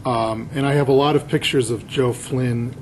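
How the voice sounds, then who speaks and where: A man's voice: mid-range voice, fairly even intonation, moderate pace, noisy background. A man, an author, giving a casual slide lecture to an audience, telling anecdotes and quizzing the crowd. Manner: chatty storyteller, quizzing the audience.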